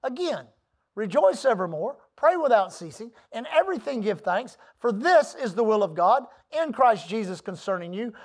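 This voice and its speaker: A pastor preaching a sermon, emphatic, asking the congregation for an "Amen" and building from quiet asides to loud declarations. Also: mid-range voice, sing-song, moderate pace.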